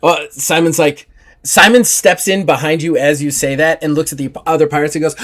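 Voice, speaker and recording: An animated man runs a tabletop role-playing game as game master, narrating the scene and laughing as he goes. His voice sits a little high, and he bursts into shouted lines for the characters he describes. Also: fairly quick.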